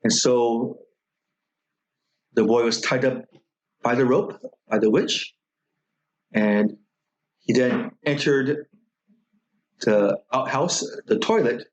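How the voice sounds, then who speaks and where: A man who serves as a Buddhist minister, telling a folktale in a dharma talk with slow, measured phrasing and many pauses. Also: medium pitch, low-quality recording.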